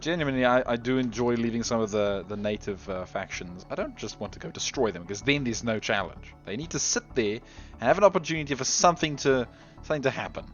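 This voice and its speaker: A man giving casual gameplay commentary, chatty and giggly, often trailing off into quiet mutters. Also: medium pitch, lively intonation, quick pace, lo-fi sound, faint music behind. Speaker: game video host.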